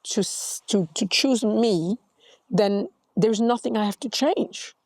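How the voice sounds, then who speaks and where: A woman's voice: mid-range voice, slow, a little mellow, no room sound, studio quality. A middle-aged woman, a guest in an interview, telling her story with animation and acting out the voices in it. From Congo.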